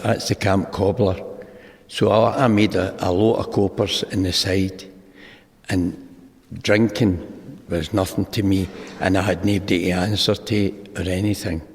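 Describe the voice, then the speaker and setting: A man's voice: lowish voice, a little mellow. An older man with a Scottish accent sharing his story at a recovery meeting, a rambling storyteller who acts out the dialogue. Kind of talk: personal testimony talk. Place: large meeting hall. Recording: long hall reverb.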